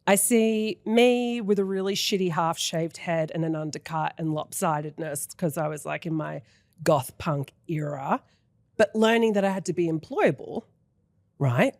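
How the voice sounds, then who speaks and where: A woman in her thirties hosts a podcast from a studio, effusive and openly emotional, with casual swearing. Her voice sits on the low side for a woman. The sound is close and dry. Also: unhurried, darkish tone, no room sound. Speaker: podcast host. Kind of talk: casual interview chat.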